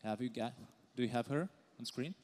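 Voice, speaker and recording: A man's voice: mid-range voice, brisk, darkish tone, a little hiss or hum. A man with an Eastern European accent giving a live conference talk, teasing and calling out members of the audience. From Lithuania. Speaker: conference speaker. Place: large conference hall. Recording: long hall reverb.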